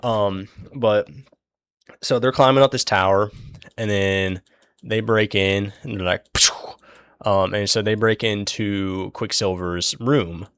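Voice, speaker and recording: A young man with a low, gravelly voice retells a book's plot in a loose, rambling way. He swears freely and leans on filler words. The recording is dry and close. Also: fairly even intonation, slow, a bit bright, no room sound. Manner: rambling, profane, many fillers. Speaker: book recap host. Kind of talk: casual book recap.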